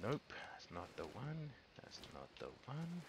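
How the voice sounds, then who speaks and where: A man's voice: medium pitch, big pitch swings, a little slow, a little hiss or hum. An Australian man chatting casually while streaming a game, cursing when things go wrong. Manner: chatty, swears when frustrated. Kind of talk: casual live game commentary. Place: home room with fireworks outside.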